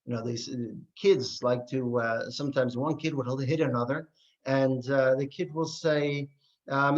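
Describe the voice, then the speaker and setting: A man, a rabbi, teaching an adult class, asking rhetorical questions and telling stories with lively voices. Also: medium pitch, brisk. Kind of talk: adult education lesson. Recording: dull lo-fi recording.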